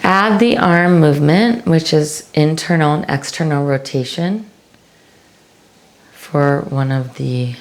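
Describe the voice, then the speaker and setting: Woman, yoga teacher, unhurried calm cues, slightly low voice. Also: slight background noise. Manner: slow, calm cueing with fillers. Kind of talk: guided yoga instruction.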